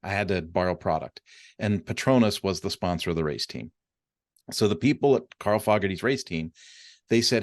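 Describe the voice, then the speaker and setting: A middle-aged man with a fairly low voice hosts a casual podcast chat. He tells his stories with animation and leans on fillers like "you know" and "like." The sound is dry and close. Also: normal speed, no echo. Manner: animated storyteller with many fillers. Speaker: podcast host.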